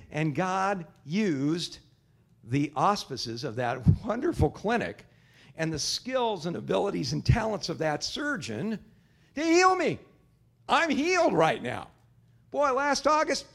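A male pastor preaching a sermon, telling stories with acted-out characters, then praying slowly and earnestly. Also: high-pitched. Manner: animated storyteller, acts out characters in jokes; soft, slow earnest prayer. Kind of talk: sermon with storytelling and prayer.

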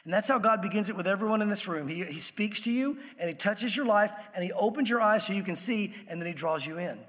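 A pastor preaches conversationally, acting out the voices of the people he quotes. His voice is high-pitched and fairly bright, his pace quick, and the sound carries the echo of a big room.

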